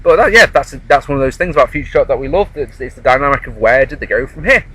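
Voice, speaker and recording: A man's voice: medium pitch, animated, quick pace, sharp tone, slightly rough, poor audio. A man chatting casually outdoors in a park, rambling through a wrestling show review. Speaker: wrestling vlogger.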